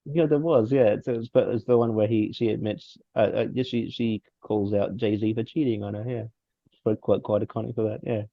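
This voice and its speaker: A man's voice: lowish voice, fairly even intonation, brisk, vocal fry, dry recording. A man co-hosting a casual film review podcast, rambling with lots of restarts and chuckles. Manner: rambling with many restarts and laughs. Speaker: podcast co-host. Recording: dull dry lo-fi sound.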